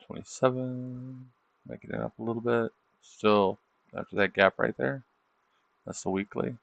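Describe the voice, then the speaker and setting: A man's voice: mid-range voice, steady tone, normal speed, creaky, fairly bright tone, dry recording, muffled recording. A man hosting a trading livestream, chatting casually over charts and tossing in tag questions like "isn't it?". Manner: loose, chatty, thinking aloud.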